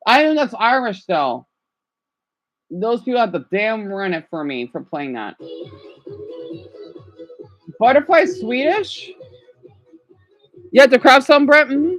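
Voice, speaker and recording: A woman's voice: fairly high pitch, slow pace, long pauses, soft background music, low-quality recording. A woman streamer chatting casually as she reacts to songs and talks to her viewers by name. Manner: excitable, talks to chat by name.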